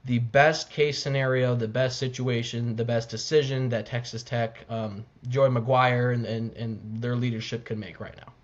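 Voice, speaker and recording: A man co-hosting a casual sports podcast, speaking haltingly with many repeated words and restarts. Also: mid-range voice, fairly even intonation. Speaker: podcast co-host. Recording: slightly dull lo-fi mic.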